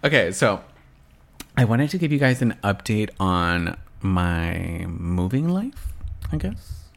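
A man's voice: fairly low pitch, big pitch swings, slow pace, vocal fry. A young man vlogging in a blunt, sassy rant, swearing freely and talking straight to his viewers. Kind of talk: casual rant to camera.

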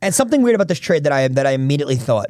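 A male sports podcast host who talks quickly and argues his points with emphasis. His voice sits a little high, and the sound is dry and close. He comes across as opinionated in casual chat. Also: sing-song, darkish tone, no room sound. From Philadelphia area.

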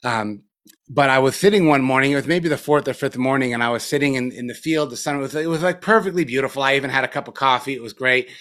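A man's voice: medium pitch, fast, a bit bright. A middle-aged man giving a casual dharma talk as a meditation teacher, loose and profane, with many fillers, a little spaced out after a retreat.

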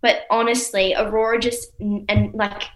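A young woman from Australia speaking with lots of ums and hesitant restarts. Her voice sits at a middle pitch and rings with a roomy echo. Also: level tone, normal speed. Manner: hesitant, many ums, then warmly praising. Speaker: young actor guest. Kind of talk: casual interview chat.

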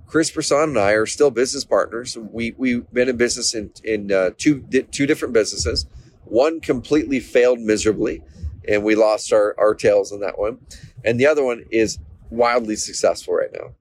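Man, 30s, from Oregon, teaching through a personal story, energetic, mid-range voice. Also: medium pitch. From Oregon, USA. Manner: energetic, animated quoting of others, frequent restarts. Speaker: business coach. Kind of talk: storytelling lesson.

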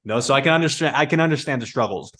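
A man's voice: mid-range voice, racing, fairly bright tone. A man hosting a podcast, with a slightly non-native accent, talking loosely with many "like"s and restarts. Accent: non-native English accent. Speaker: podcast host. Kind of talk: podcast interview.

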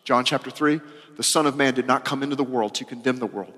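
A man preaching a sermon as pastor, emphatic and casual, repeating phrases and moving between loud and soft. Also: mid-range voice, quick pace. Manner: casual, uses "y'all" and slang. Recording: long hall reverb.

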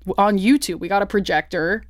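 A woman's voice: medium pitch, brisk, dry recording, clean studio sound. A woman guest musician in casual podcast chat, telling stories with lots of "like" and acting out other people's lines. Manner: animated storytelling, acts out what others said, many "like"s.

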